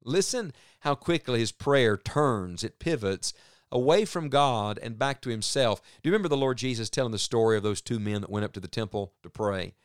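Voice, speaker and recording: Expressive and mid-range, his clean voice moves at a moderate pace in a studio-quality, echo-free recording. He's a radio Bible teacher who reads passages aloud, then explains them with pastoral earnestness.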